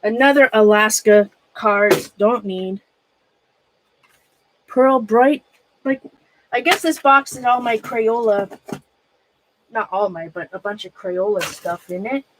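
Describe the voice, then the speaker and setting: A woman's voice: medium pitch, slow pace, long pauses, a little hiss or hum, rough recording. A middle-aged woman streaming live, rambling nervously as she sorts through old things and greets viewers by name. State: nervous and shaky. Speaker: livestreamer. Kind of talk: casual livestream chat while sorting a closet.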